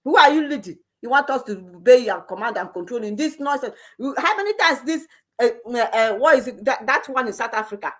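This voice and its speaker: A woman's voice: on the high side, animated, brisk, fairly bright tone. A middle-aged woman gives an impassioned, scolding monologue, repeating herself and restarting words often. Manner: heated, repetitive, scolding, with frequent stammered restarts. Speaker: political commentator.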